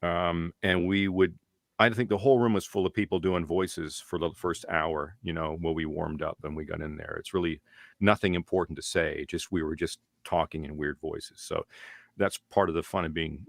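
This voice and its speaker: A man being interviewed about his voice-acting work, telling lively stories and dropping into voices now and then. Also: very deep voice, normal speed, creaky, dry recording. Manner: animated storyteller, slips into character voices. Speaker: voice actor guest. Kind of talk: casual interview.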